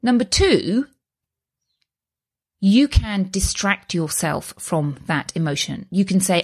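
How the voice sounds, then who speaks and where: A woman's voice: medium pitch, very animated, unhurried. Woman in her thirties, host of a motivational talk, earnest and reassuring, conversational delivery.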